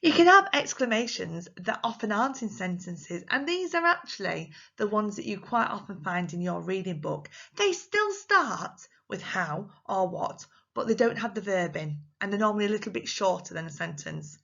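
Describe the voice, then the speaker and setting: English teacher lady talking to little kids, super lively pitch, bit gravelly, dull lo-fi sound. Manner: sing-song, exaggerated expressive voice for examples; slow, clear, encouraging talk to small children. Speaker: primary school teacher. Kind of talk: recorded lesson for young children.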